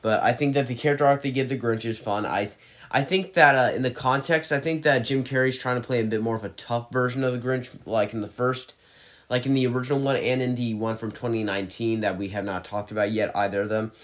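A man's voice: medium pitch, fairly even intonation, fast, a bit bright. A man ranking movies in a casual, opinionated monologue, ranting and exasperated, often restarting his sentences. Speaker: movie reviewer.

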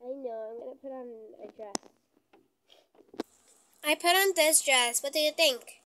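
A woman voicing a bubbly little girl doll who chirps along high and eager, all playful excitement. Her voice sits up high, and a soft hiss lies faintly under the play. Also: measured pace. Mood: cheerful. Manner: bubbly and bouncy.

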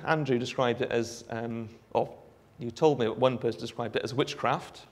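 A Welsh man giving a live demonstration of a phone app, explaining in a relaxed way with frequent ums. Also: medium pitch, normal speed. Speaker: app developer giving a presentation. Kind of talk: live product demo talk.

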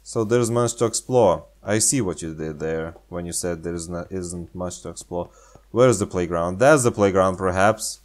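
A gaming channel host with a low voice speaks at normal speed while playing a game. His casual commentary is sarcastic and playful, in slightly non-native English as a second language.

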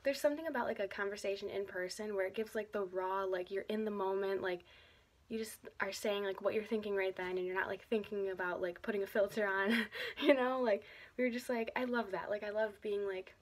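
A woman's voice: mid-range voice, steady tone, fairly quick. Rambling bubbly young woman vlogging. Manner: rambling and chatty, many fillers, drifting off topic; bubbly, laughs often. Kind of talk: casual vlog addressed to her cousin. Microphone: camera she is filming herself with.

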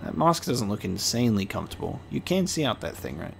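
A man's voice: lowish voice, big pitch swings, a little fast, creaky, hardly any pauses, slight background noise. A man doing casual let's-play commentary, chatty and joking, swearing when surprised. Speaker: gaming video host.

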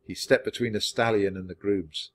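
A man narrating a children's book aloud for language learners, reading clearly and steadily. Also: on the low side, steady tone, normal speed.

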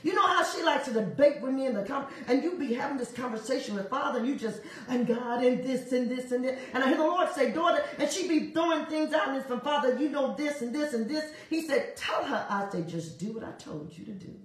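A woman delivering a prophetic word on a prayer broadcast, animated and laughing often, repeating phrases in a rhythmic preaching cadence. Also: sits high, brisk, hardly any pauses, heavy reverb, recorded from a distance. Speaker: prophetic minister.

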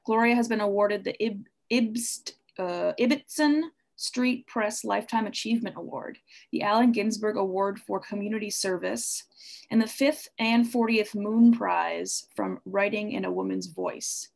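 A woman acting as MC at a livestreamed reading, introducing poets with a few halting fillers. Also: mid-range voice, creaky, darkish tone. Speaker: guest MC. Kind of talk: introducing readers. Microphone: livestream home mic.

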